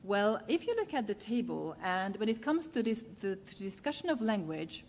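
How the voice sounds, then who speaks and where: Woman lecturer, mid-pitched, measured with many "uh" pauses, reverberant hall, faint rumble. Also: big pitch swings, a little mellow. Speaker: university lecturer. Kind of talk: academic lecture.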